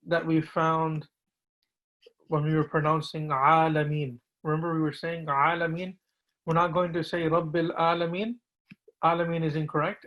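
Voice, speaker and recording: Man, imam leading a recitation class; slow, patient, gently corrective delivery. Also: fairly high pitch, rough recording. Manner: repeats words slowly, gently corrects. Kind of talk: patient pronunciation lesson.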